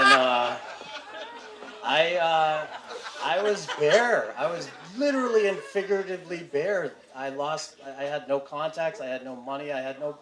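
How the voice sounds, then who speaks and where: A man telling his personal recovery story to a live audience, halting and candid, with wry humor and frequent fillers. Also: medium pitch. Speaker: speaker sharing a recovery story. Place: community event hall with audience. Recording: roomy hall with faint room noise.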